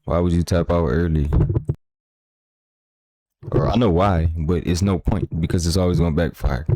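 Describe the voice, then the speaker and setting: A man's voice: deep voice, moderate pace, mellow, dry recording, rough recording. A man livestreaming, chatting in a loose, slangy way. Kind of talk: casual stream chat.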